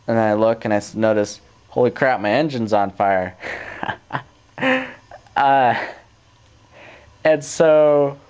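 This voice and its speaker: A teenage boy casually telling a story to his camera, rambling with restarts and growing animated as he retells it. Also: mid-range voice, takes it slowly, pauses often, smooth. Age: teens. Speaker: vlogger. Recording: dull lo-fi camcorder tape audio.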